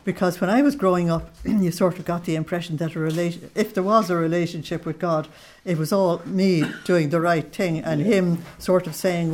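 Animated woman, middle-aged, lowish pitch, informal talk to a group, reads quotes with feeling. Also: normal speed, hardly any pauses, a little hiss or hum. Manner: lively, laughs often, reads quotes aloud with feeling. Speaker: speaker on Christian mysticism.

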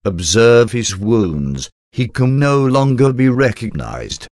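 A man reading the part of a troubled Roman governor in a slow, even voice. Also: medium pitch, dry recording, clean studio sound. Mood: questioning.

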